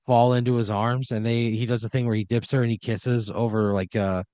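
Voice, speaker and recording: A man narrating an improvised comedy story as game master, deadpan and laid-back with lots of filler words. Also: mid-range voice, brisk, clear, resonant tone, no room sound.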